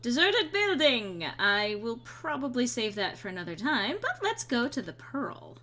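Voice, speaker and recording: Lively bright-voiced woman streamer. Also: on the high side, a little slow, slight background noise. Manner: chatty, rambling, playful asides. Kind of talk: casual gameplay commentary.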